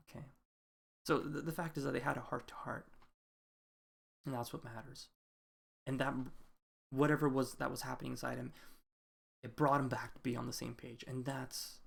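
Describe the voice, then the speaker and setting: A man streaming live, reading a post aloud and then commenting on it in a halting, reflective way full of fillers. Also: mid-range voice, vocal fry.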